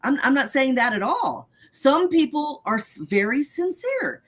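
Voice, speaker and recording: A woman hosts a live talk show and makes her points bluntly and emphatically. Her voice sits fairly high and swoops lively up and down as she argues. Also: measured pace. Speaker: host. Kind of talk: live podcast chat.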